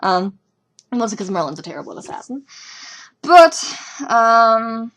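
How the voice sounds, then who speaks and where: A young woman talking casually as a fan reviewing a TV episode, rambling and excitable with lots of ums and likes. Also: on the high side, a little slow. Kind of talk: casual fan reaction commentary.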